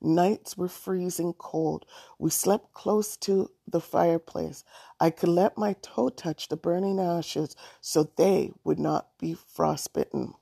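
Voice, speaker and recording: A woman's voice: lowish voice, steady tone, takes it slowly, vocal fry, warm tone, slightly rough, no room sound, clean studio sound, full character voice. A woman reading a story aloud, voicing a stern, determined grown woman. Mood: grave.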